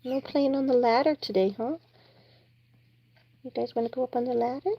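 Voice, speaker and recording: A woman's voice: on the high side, steady tone, normal speed, lo-fi sound, a little hiss or hum. A woman vlogger chatting casually and cooing in baby talk to her young birds. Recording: loud chirping chicks behind. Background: chirping chicks.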